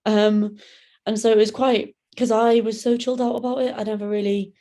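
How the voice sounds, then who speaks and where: A young British woman, a guest in a podcast interview, talking in a relaxed, chatty way and acting out other people's lines. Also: a little fast. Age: young adult. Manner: laid-back, chatty, acts out quoted voices with big pitch jumps. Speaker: guest, solo ocean rower. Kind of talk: casual interview talk.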